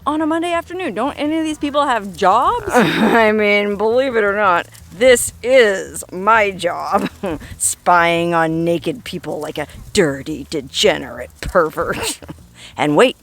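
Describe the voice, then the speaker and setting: A woman's voice: mid-range voice, expressive, unhurried. A woman narrating a travel vlog outdoors on a coastal trail, in a wry, joking, self-mocking way. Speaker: travel vlogger.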